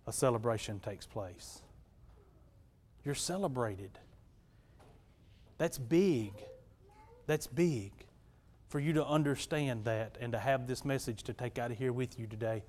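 A man's voice: medium pitch, unhurried, pauses often, darkish tone. A male pastor preaching a sermon in a folksy, conversational way, often checking in with the congregation. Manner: folksy, conversational, keeps asking the congregation "right?".

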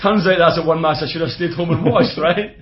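A Scottish man co-hosting a casual football podcast, chatty and quick to laugh, with blunt opinions. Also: fairly high pitch. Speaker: podcast co-host. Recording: dull lo-fi podcast audio.

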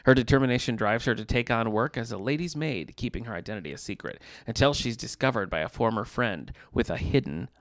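A man's voice: medium pitch, animated, quick pace, few pauses, dry recording, clean studio sound. A man co-hosting a podcast, teasing his co-host and reading book blurbs aloud. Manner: teasing, reads synopses aloud.

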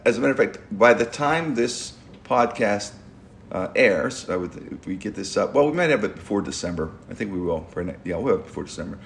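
Gravelly middle-aged man rambling. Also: on the low side, a little fast, slight background noise. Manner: rambling, stumbling restarts, animated laughing storyteller. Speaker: podcast host. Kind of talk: casual storytelling chat.

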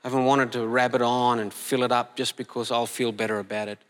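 A man preaching as pastor, leading a slow, gentle, prayerful reading. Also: medium pitch, little pitch movement. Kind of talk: sermon. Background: soft band music.

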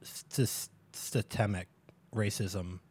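A man with a lisp in casual podcast chat, joking and playing dumb with deadpan quips. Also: on the low side, very slow, slightly rough, no room sound.

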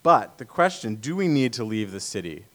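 A man from Vermont giving a casual sermon talk to a church meeting, telling stories in a relaxed way with many fillers. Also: mid-range voice, moderate pace. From Vermont, USA. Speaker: church speaker.

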